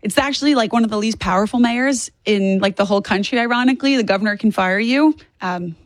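A woman's voice: mid-range voice, fast, no room sound. A woman in her twenties speaking as a political guest in an interview, emphatic and repeating herself for stress. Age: 20s. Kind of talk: opinionated interview talk.

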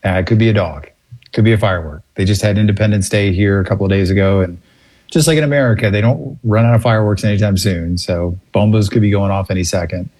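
A man's voice: fairly low pitch, fast talker, a little mellow. A man hosting a call-in radio show from a remote spot, talking casually and searching for words. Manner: laid-back, searching for words. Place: remote location away from studio.

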